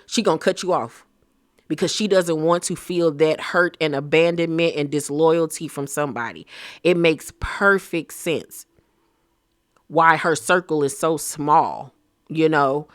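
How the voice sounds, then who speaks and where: A man giving a casual, gossipy recap of a reality TV episode, talking in an animated, slang-filled way. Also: fairly high pitch, no room sound, clean studio sound.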